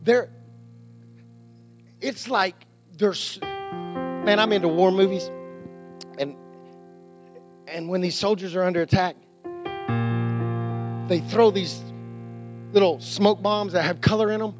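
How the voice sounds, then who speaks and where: A man preaching a sermon as a pastor, animated, with restarts and quotes he acts out. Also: high-pitched, slow, long pauses, over music.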